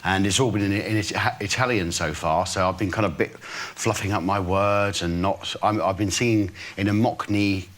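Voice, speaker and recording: A man in his forties talks as a studio guest, his voice sitting a little low. He chats loosely and rambles, laughing often as he goes. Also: steady tone, moderate pace. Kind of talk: casual chat.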